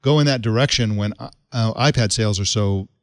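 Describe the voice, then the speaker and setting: A man's voice: lowish voice, a little fast, no echo, clean studio sound. A man joining a tech panel as a guest, explaining his views in casual talk.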